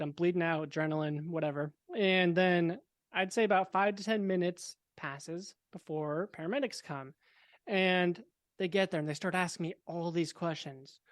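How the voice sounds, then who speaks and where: A young man, a podcast guest, telling a personal story in a relaxed, casual way with wry, deadpan dark humor. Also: sits high, normal speed, dry recording.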